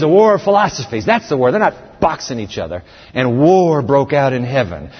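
A man's voice: on the high side, expressive, normal speed, breathy edge. A man preaching a sermon, emphatic and dramatic, speaking straight to the congregation. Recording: dull sound with long hall reverb.

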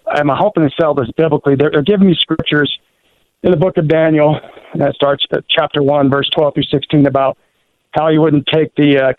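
A man calling in to a radio program, politely and haltingly laying out a family debate. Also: mid-range voice. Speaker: caller. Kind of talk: phone-in question. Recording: tinny phone line.

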